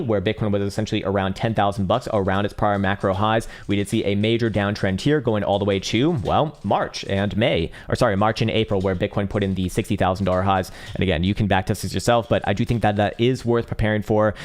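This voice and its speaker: Hoarse male trading streamer, low voice, casual, profane, rambling. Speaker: crypto trading analyst host. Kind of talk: live-streamed chart analysis.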